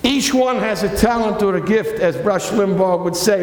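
A man's voice: high voice, moderate pace, darkish tone, a little hiss or hum. A male pastor preaching a sermon, chatty and digressive, with asides and restarts, recorded in a church sanctuary. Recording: echoey hall with long reverb.

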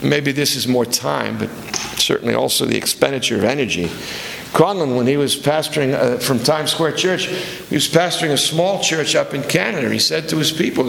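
A man's voice: mid-range voice, moderate pace, vocal fry, a bit bright, slight background noise. A man preaching a sermon as pastor, telling stories in a conversational, digressive way that corrects itself as he goes. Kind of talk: sermon with storytelling. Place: church sanctuary. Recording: roomy hall with long reverb.

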